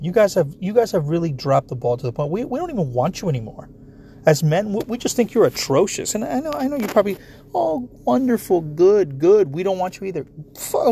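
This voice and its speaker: Man, solo rant, heavy swearing, blunt and animated, slightly high voice, faint background hiss. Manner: animated, talks straight at listeners. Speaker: solo commentator. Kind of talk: ranting monologue.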